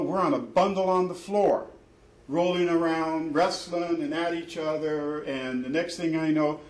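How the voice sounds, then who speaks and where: A man, a father, gives an emphatic, repetitive personal account of a family fight, with many fillers. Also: on the high side. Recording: echoey room.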